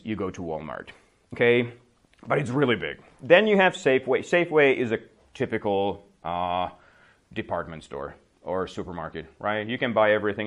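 A man giving a casual English lesson, telling a story and often checking that listeners follow with "right?", laughing between remarks. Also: fairly low pitch. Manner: chatty, checks understanding with frequent "right?". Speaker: English teacher.

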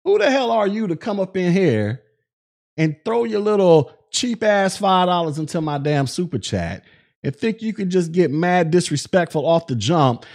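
A middle-aged man hosting a livestream podcast, reading chat messages aloud and getting angry and profane with a viewer. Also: a little high. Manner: irritated, profane, rising to shouting. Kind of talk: livestream commentary.

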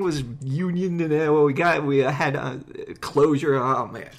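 A man hosting a podcast in casual conversation, rambling and animated, with many restarts. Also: on the high side, measured pace, hardly any pauses. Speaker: podcast host.

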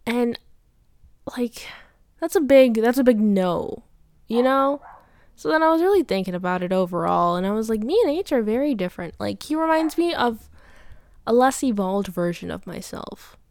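A woman's voice: a little high, lively intonation, normal speed, creaky, darkish tone, no echo, clean studio sound. A young woman talking through a personal diary podcast, rambling and confessional, full of fillers. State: teary.

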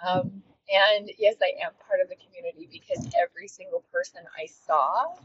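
A woman's voice: mid-range voice, wildly swooping pitch, moderate pace. A woman hosting a podcast and coaching fitness, talking in a heartfelt, reflective solo monologue with frequent restarts. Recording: dull, slightly lo-fi with faint noise.

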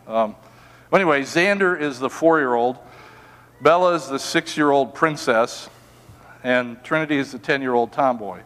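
An older man preaching a sermon, telling personal stories in an animated, self-mocking, humorous way. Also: mid-range voice, normal speed, big-room sound. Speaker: pastor.

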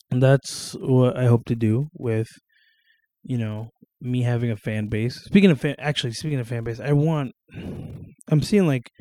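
A man's voice: mid-range voice, warm tone, dry recording. A young man hosting his own casual podcast, rambling with lots of fillers, restarts and casual swearing. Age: young adult. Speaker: solo podcast host. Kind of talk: casual solo podcast monologue. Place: at home, on camera.

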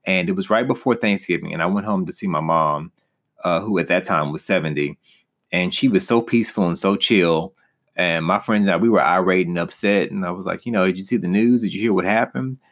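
A man's voice: low-pitched, fairly quick, fairly bright tone. A young man teaching as a pastor in an earnest, personal way, rising with emphasis on key points. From United States.

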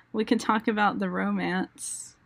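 A woman's voice: medium pitch, steady tone, a little slow, gravelly, dry recording. A woman co-hosting a book podcast in casual chat, joking and giggling often.

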